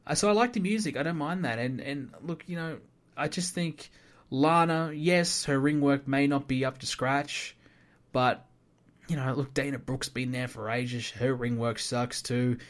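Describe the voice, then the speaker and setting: A man talks through his podcast on his own in a casual, rambling way, stacking up opinions with plenty of fillers and restarts. His voice sits at an ordinary middle pitch. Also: measured pace. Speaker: podcast host. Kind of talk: casual solo podcast commentary.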